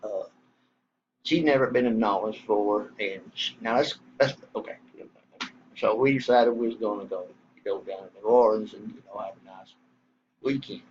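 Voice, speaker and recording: A man's voice: fairly low pitch, normal speed, a little mellow, slight background noise. Middle-aged Texan man, casual folksy storyteller, slightly muffled recording. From Southern US. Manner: rambling, folksy, swears casually. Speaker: vlogger telling a story.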